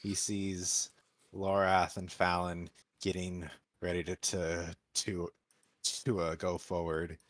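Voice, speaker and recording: A man's voice: low-pitched, little pitch movement, slow, dry recording. A man playing a tabletop role-playing game, describing his character's turn and thinking aloud with hesitations. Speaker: player.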